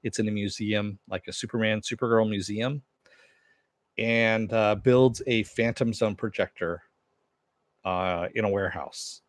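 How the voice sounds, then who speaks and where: A man hosting a relaxed home live stream reads viewer comments and rambles through TV episodes, loose and unhurried, full of fillers and restarts. His low voice sounds dry and close, with no room sound.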